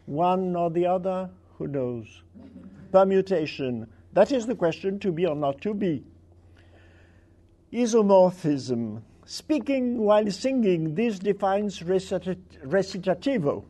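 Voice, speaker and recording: A man reading examples of literary wordplay aloud to an audience, with a playful and deliberate delivery. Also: sits high, mellow. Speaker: speaker presenting literary wordplay.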